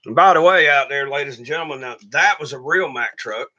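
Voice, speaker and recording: A man's voice: medium pitch, a little fast, sharp tone, muffled recording, a little hiss or hum. A middle-aged man who hosts a channel and drives trucks, telling stories in a blunt, profane, complaining rant to his viewers. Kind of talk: casual livestream rant.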